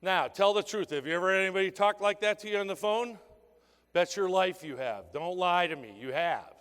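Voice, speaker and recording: Brief: male sales seminar speaker with a fairly high voice, punchy questions to the room, long hall reverb. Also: expressive, a little fast, fairly bright tone, clear, resonant tone. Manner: punchy rhetorical questions to the audience. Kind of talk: motivational sales talk to an audience. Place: conference hall.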